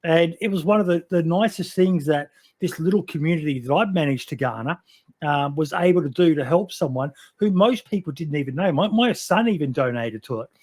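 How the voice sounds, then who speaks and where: A man's voice: on the high side, animated, a little fast, a little mellow. A middle-aged man in casual podcast chat, rambling and swearing freely as he tells fond stories about a friend.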